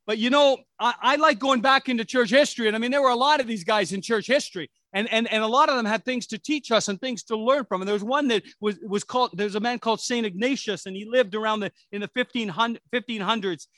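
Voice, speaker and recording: A middle-aged man preaches as a pastor in a loose, conversational way, often restarting and adding asides. His voice sits high and sounds bright and forward. The recording is dry and close. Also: fast, hardly any pauses, dry recording. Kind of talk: sermon.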